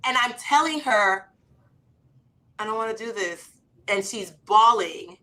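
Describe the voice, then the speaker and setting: A woman in her thirties, an author and comedian, telling animated stories in conversation and acting out quoted lines with big jumps in pitch. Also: measured pace.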